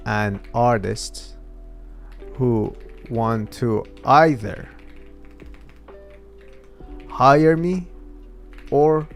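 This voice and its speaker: A man talks slowly to himself as he drafts his ideas, hesitant and trailing off between words. His voice sits at an ordinary middle pitch. Faint music plays behind him. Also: creaky. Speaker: vlogger. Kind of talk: casual thinking aloud.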